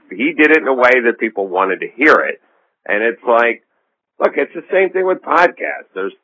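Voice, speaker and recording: A comedian and podcast host rambles through a phone interview, sardonic and self-assured. His male voice is on the low side yet pushed and bright, carried over a dull lo-fi line.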